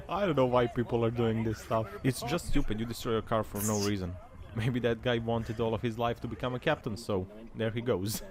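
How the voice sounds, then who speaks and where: A man, hosting a commentary over car crash clips, laughing often and bursting into loud excited exclamations. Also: mid-range voice, normal speed, a crowd in the background. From Serbia. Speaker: host. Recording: voice-over with clear traffic noise. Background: car and road sounds from the clips.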